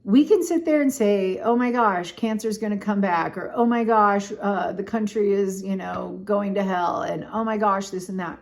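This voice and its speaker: A middle-aged woman chatting casually to camera, telling a personal story in an animated way, with lots of "like" and "oh my gosh.". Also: mid-range voice, normal speed, few pauses. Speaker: vlogger.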